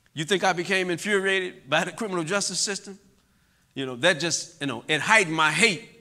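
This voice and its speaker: A middle-aged man giving an impassioned testimony talk to a church audience, moving between loud outbursts and quiet, heavy moments. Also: a little high. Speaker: guest speaker. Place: church hall.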